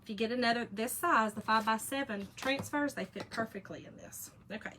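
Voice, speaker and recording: A woman's voice: a little high, fairly quick, pushed and bright, slight background noise. A woman, hosting a casual craft live stream, chatty and folksy, teasing her viewers. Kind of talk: casual crafting demo chat.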